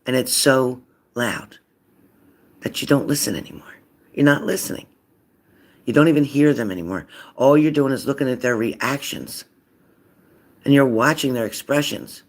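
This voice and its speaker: A man giving a casual card reading, acting out loud quotes and dropping into whispers. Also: mid-range voice, normal speed, long pauses. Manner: animated, acts out loud and whispered voices. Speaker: psychic card reader.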